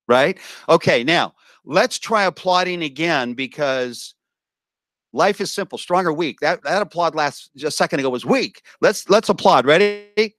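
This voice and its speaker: Male emcee, mid-range voice, peppy crowd warm-up on a handheld mic, dry sound. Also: mid-range voice, normal speed, no echo. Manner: lively, coaxing the crowd to join in. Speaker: event emcee. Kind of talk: briefing a live audience. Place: conference room with a live audience.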